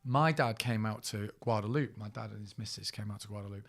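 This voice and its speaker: A man's voice: on the low side, a little fast. A man co-hosting a podcast, telling a funny story in casual chat, swearing and laughing as he goes. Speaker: podcast co-host.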